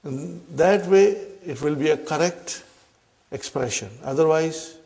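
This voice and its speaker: A middle-aged male teacher leads a slow, patient grammar class, his somewhat high voice carrying a gravelly edge. He checks in constantly with a quick "huh?" and calls his students brothers and sisters. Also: mellow. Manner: frequent questioning "huh?" tag, repeats "brothers and sisters". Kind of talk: classroom lesson.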